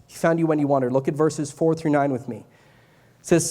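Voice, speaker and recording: A youth pastor in his late twenties delivers a relaxed, conversational sermon. His voice sits a little high and sounds mellow, and he repeats key lines for emphasis and slips in light joking asides. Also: normal speed. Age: 20s. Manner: joking asides, drops into a mock Southern voice for church sayings.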